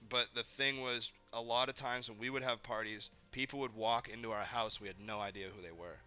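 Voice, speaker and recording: A man's voice: mid-range voice, fairly quick, bright, forceful tone, clear, resonant tone, faint music behind. A young man from Maine, a podcast co-host, telling rambling party stories in casual chat, swearing a lot and acting out what people said. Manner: rambling storytelling, heavy swearing, acts out quotes.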